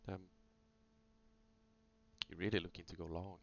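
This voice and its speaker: Low, gravelly male voice, casual and meandering, on a muffled recording. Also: fairly even intonation, measured pace. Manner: thinking aloud, loose, with many fillers. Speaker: trader reviewing chart trades. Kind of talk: casual screen-recorded trading review. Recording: dull lo-fi sound with faint hum.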